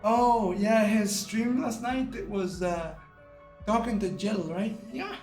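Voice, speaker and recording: A man's voice: sits high, slow pace, a little mellow, reverberant, faint music behind. A man live-streaming in a brash, boastful, profane way, tired out. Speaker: livestreamer. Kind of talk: casual live-stream chat.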